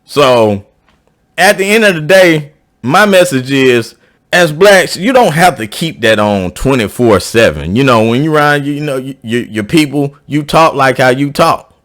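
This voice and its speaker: His voice is expressive and fairly bright, moving at a measured pace, as this South Georgia YouTube commentator chats at length with viewers about his opinions. The talk meanders through repeats and restarted sentences, with pitch rising at emphatic moments.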